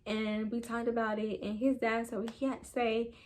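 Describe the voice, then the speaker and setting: A young woman vlogger chatting casually, retelling a story in a rambling, animated way with quoted voices. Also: a little high, normal speed. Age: young adult.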